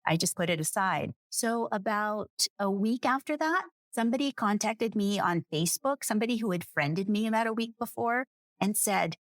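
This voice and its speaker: A woman of about sixty, a podcast guest and author, telling a personal story and acting out quoted lines with lively jumps in pitch. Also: moderate pace, dry recording, clean studio sound. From United States.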